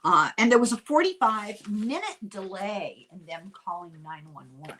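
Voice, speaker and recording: An older woman hosts a podcast, walking her listener through a true-crime case in a relaxed, conversational way. Her voice sits in a middle pitch, and she drops dry asides as she goes. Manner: chatty and unhurried, dry asides. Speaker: podcast host. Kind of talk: casual true-crime storytelling.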